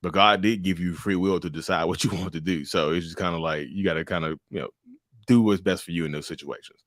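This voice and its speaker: A man's voice: sits low, steady tone, fast talker, dry recording, studio quality. A middle-aged man from North Carolina, a guest talking casually and animatedly, acting out little quotes and laughing often. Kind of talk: casual interview talk.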